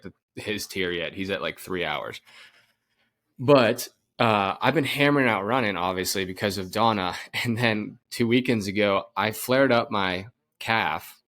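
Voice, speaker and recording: A young adult man with a slightly low voice chats on a podcast. He tells stories animatedly, stumbling and restarting as he goes, in an easy, casual way. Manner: animated storytelling, frequent laughs and restarts. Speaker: podcast co-host. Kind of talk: casual chat.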